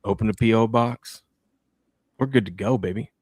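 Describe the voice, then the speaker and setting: A man in his thirties hosting a casual talk show, telling animated stories about his kids. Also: lowish voice, normal speed, slightly rough, dry recording, clean studio sound. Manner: animated storyteller, acts out a toddler's shrieks. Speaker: podcast host. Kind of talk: casual chat.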